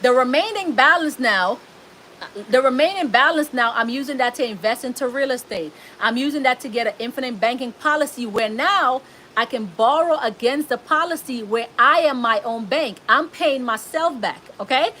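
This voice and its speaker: A woman's voice: a little high, moderate pace, sharp tone, a little hiss or hum. A woman with a Southern US accent, coaching a live audience on business credit, emphatic and repeating her key points. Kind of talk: live stream Q&A.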